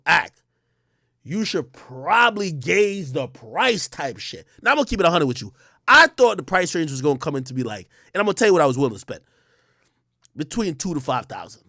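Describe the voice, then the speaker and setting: A high-pitched man with a fairly bright tone tells a long, profane story on a livestream, laughing often and acting out both sides of the conversation. The recording is dry and studio quality.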